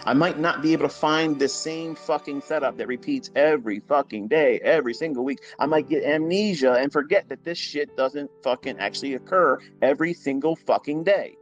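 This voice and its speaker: A man as a trading mentor, lecturing his followers in a live audio room in a blunt, profane way, dropping low and quiet, then rising loud and high. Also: brisk, hardly any pauses, highs cut off, soft background music.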